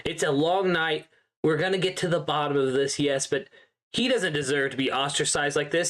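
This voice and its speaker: Male player, higher voice, relaxed, coaxing delivery. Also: normal speed. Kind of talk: casual role-play.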